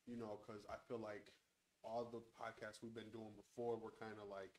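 A man's voice: on the low side, level tone, moderate pace, darkish tone, low-quality recording. A man hosting a casual podcast chat from a home studio, talking in a laid-back way with lots of swearing into a handheld mic. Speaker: podcast host.

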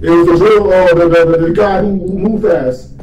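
A man chatting with friends during a horror game, stammering as he excitedly explains what happened. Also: high voice, a little fast, roomy sound, dull audio. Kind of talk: excited gameplay chat.

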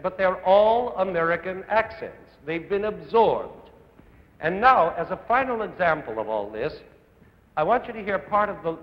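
A man giving an earnest, rhetorical music lecture to a young audience, building his points in long lists. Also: fairly high pitch. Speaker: conductor and music educator. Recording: dull old broadcast audio in a large hall.

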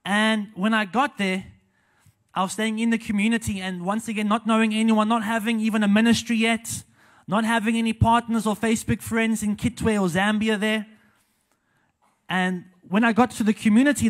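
A young South African evangelist with a fairly high voice preaches in a church. He is animated, paces around the stage as he talks, and punctuates his sentences with hallelujahs and amens. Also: normal speed. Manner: walks around while preaching. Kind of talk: sermon.

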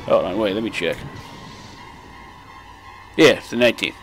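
Over faint background music, a young man with a lowish voice comments casually on his gameplay at a moderate pace. As a let's play host he's excitable, profane, and quick to laugh, captured on a desk microphone.

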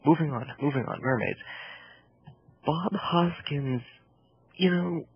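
A man's voice: on the high side, slow, vocal fry, husky. A man co-hosting a casual film review podcast, ranting animatedly about a movie. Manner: animated, ranting, mimics voices. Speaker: podcast co-host. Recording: dull lo-fi podcast audio.

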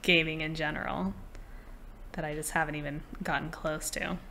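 A young woman co-hosting a gaming podcast in casual chat, speaking in a measured, reflective way with soft fillers. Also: low voice, fairly even intonation. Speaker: podcast co-host.

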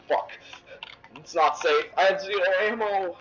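A young man giving excitable, profane let's-play commentary, yelling at the game. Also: sits high, unhurried, muffled recording. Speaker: gamer.

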